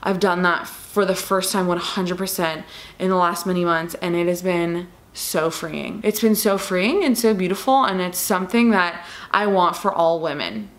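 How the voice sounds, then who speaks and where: A pregnant young woman talking through a casual question-and-answer vlog, emotional and teary, with lots of fillers and restarts. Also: lowish voice. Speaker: vlogger.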